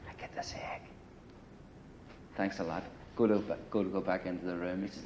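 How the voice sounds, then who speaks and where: A man with a low voice, steady tone and somewhat dark timbre speaks at an ordinary speed over a faint hiss or hum. He's an interviewee rambling casually through a long, profane war story in a grungy apartment, peppering it with "you know" and "right." The audio sounds like dull, lo-fi 1980 film sound.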